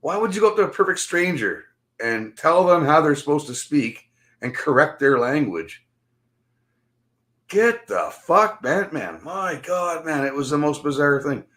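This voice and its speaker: A middle-aged man ranting casually to his livestream viewers, swearing constantly and laughing through his stories. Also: medium pitch. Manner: profane, animated storytelling with laughter. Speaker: livestream host.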